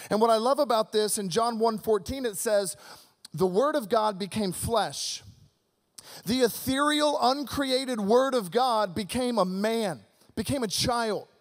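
A man preaching a Christmas sermon with a notably high-pitched voice. He keeps things energetic and conversational, calling out questions to the congregation as he goes. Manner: energetic, conversational preaching with audience call-outs. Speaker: pastor.

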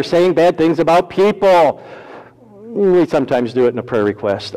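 Man, pastor, sermon, folksy humor, dramatic loud-soft swings, echoing sanctuary. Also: medium pitch, expressive, moderate pace.

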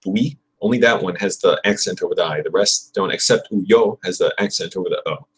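A man's voice: deep voice, fairly quick, slightly rough, low-quality recording. A young man on a livestream, practicing Spanish verb forms aloud and chatting casually with viewers in between. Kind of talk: casual livestream study session.

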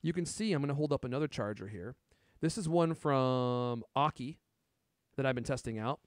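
A man hosting a casual tech podcast, excitedly showing off gadgets and chatting. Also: mid-range voice, moderate pace, dry recording, studio quality. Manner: excited, shows gadgets on camera. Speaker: podcast host.

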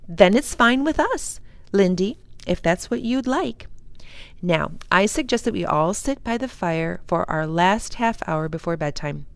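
A woman's voice: fairly low pitch, animated, unhurried, gravelly, clear, resonant tone, no echo. A woman doing a kindly mother. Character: kind, caring mother.

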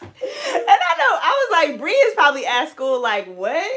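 A young woman, chatting casually and telling animated, sassy stories while she braids hair. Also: very high-pitched, normal speed. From California. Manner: animated, laughing storyteller with playful sass.

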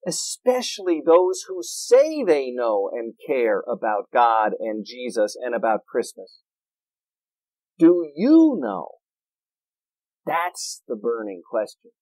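A man preaching a sermon in a church, animated and playful, with jokes and asides. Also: sits high, no echo, low-quality recording. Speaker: pastor.

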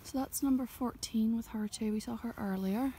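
A young woman doing soft-spoken ASMR outdoors in a sheep field, talking gently and chattily, often in a half-whisper. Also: fairly high pitch, normal speed, a little hiss or hum. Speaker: ASMR creator and farmer.

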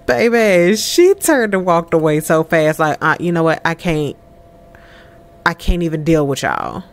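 A woman giving chatty, animated let's-play commentary over a life-sim game, laughing often. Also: low voice, a little slow. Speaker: gameplay commentator.

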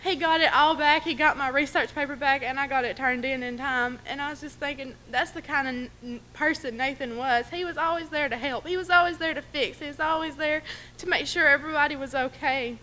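A woman telling personal stories at a memorial service, fighting back tears, rambling and quick to laugh. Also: high-pitched, steady tone, pushed and bright, slight background noise. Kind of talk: personal remembrance speech.

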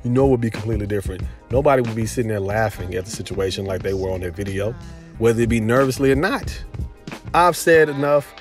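A man vlogging, telling a personal story in a casual, animated way with lots of "you know" fillers, as a commentary host. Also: fairly low pitch, fast, over music. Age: adult with daughters. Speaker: video host.

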